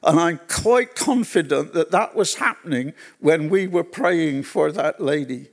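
A man delivers a sermon at a church gathering, his voice set a little high and edged with gravel. He tells personal stories slowly and deliberately, letting repeated phrases settle. The pacing stays unhurried throughout. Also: animated. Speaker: pastor.

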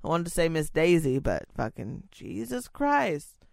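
A woman in casual chat, telling animated, profane stories. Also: deep voice, a little slow, vocal fry, dry recording, clean studio sound.

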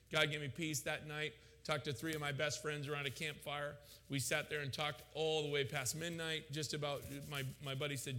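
A man preaching a sermon, telling his story with animated loud peaks and frequent stammered restarts. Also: fairly high pitch, normal speed. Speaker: pastor. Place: church sanctuary. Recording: long hall reverb.

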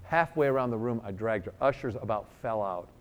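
A man's voice: on the low side, a little fast. A middle-aged man from New York preaching a sermon, telling a healing story with jokes and acting out both sides of the dialogue. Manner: animated, joking, acts out dialogue.

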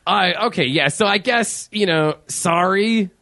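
Rambling profane American podcast host. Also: male voice, high voice, a little slow, bright, forceful tone, no room sound, clean studio sound. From United States. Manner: rambling, profane, many fillers and restarts. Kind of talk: casual chat.

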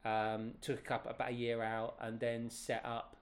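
A middle-aged man, a guest telling stories in a casual, animated way with many fillers. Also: medium pitch, a little slow. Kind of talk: casual anecdotal storytelling.

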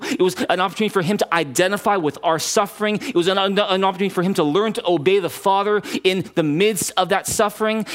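A male pastor preaching a sermon in an earnest, conversational way, often restarting his sentences. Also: high voice.

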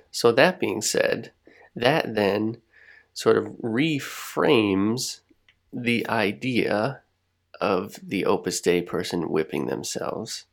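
Podcast co-host, male, low and gravelly, thoughtful rambling delivery with restarts. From United States. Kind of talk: reflective casual chat.

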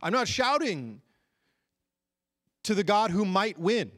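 A man preaching a sermon, telling stories animatedly, with frequent restarts and sudden bursts of shouting. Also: high-pitched, sing-song, slow. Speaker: pastor.

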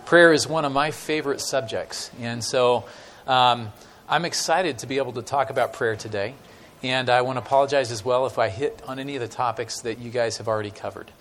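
A man preaching a sermon with stories to a church congregation, talking in a conversational way with many fillers and dramatic pauses. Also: medium pitch, fairly bright tone, slight background noise. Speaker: guest preacher.

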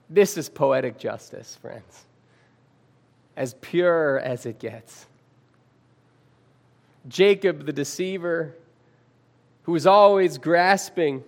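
A male preacher giving a sermon, reading scripture aloud with dramatic pauses and calling his listeners friends. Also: fairly high pitch, darkish tone.

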